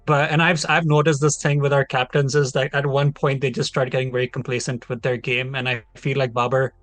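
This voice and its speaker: A man's voice: medium pitch, flat delivery, a little fast, fairly bright tone, no echo. A man in his twenties, a podcast panelist giving a long, heated, opinionated take in casual discussion. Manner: opinionated, talks at length, heated.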